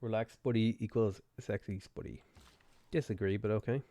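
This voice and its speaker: A man with a sore throat, chatting in a relaxed way as he streams a strategy game, reads chat aloud and mutters his moves. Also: fairly low pitch, normal speed. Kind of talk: live gameplay commentary, reading chat.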